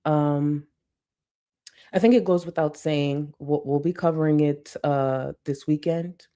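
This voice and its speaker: A woman host giving casual commentary on a livestream clip, talking loosely and jumping up into exaggerated exclamations. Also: measured pace. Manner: animated, swings into exaggerated high exclamations; laughs through lines.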